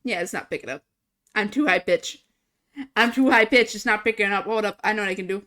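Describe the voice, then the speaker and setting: Bright, chatty young woman streamer. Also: medium pitch, a little fast. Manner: chatty, giggly, self-amused. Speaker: livestreamer. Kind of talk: casual stream chat.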